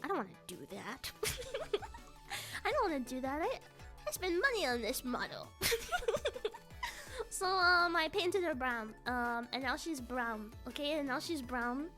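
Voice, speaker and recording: A woman streamer chatting casually on a live stream, excitable and giggly, often repeating herself. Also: sits high, measured pace, faint music behind. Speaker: live streamer with an avatar model.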